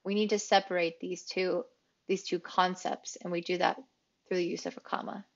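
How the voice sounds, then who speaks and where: Woman teaching grammar, clear and explanatory. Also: fairly low pitch, little pitch movement, moderate pace, lo-fi sound. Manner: clear, explanatory, repeats key phrases for emphasis. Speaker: English teacher. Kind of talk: grammar lesson.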